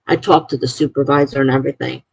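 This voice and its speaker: A woman hosting a casual live stream from her apartment, telling long rambling stories to her viewers in an animated way. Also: extremely low pitch, fast talker, creaky, husky, no echo, rough recording.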